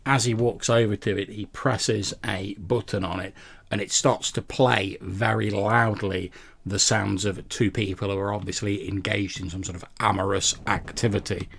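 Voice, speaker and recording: A man's voice: on the low side, little pitch movement, moderate pace, gravelly, fairly bright tone, a little hiss or hum. A man narrating a tabletop role-playing game as game master, describing scenes with frequent small restarts.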